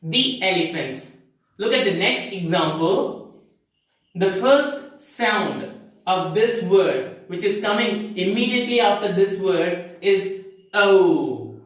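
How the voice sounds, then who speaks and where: Slow, deliberate male English teacher. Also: high voice, animated. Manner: asks rhetorical questions and answers them himself; careful, deliberate explaining. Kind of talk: online pronunciation lesson. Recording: very echoey room, mic far off.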